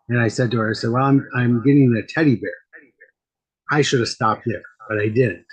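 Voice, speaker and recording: A guest medium talks casually on a podcast from a home studio with a green screen, rambling through stories and often repeating words. His mid-range voice is slightly rough, with fairly even intonation and a moderate pace, and the audio quality is poor.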